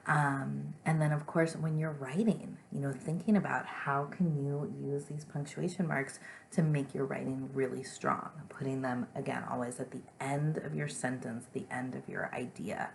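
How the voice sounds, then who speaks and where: A young woman teaches small children in a gentle, patient way. Her voice sits low with a gravelly edge of fry, and she reads her examples with big, playful expression. A faint hiss runs under the recording. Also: steady tone, moderate pace. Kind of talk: remote lesson for young children.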